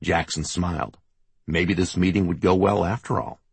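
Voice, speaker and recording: Low, husky male audiobook narrator. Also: fairly even intonation, normal speed, dry recording. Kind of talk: scripted narration.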